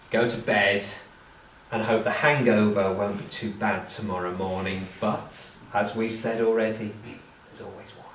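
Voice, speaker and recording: Lively man telling a story to a crowd. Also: medium pitch. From Britain. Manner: chatty, asides and questions to the audience. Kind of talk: live oral storytelling to an audience. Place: indoor event hall. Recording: roomy hall from far off.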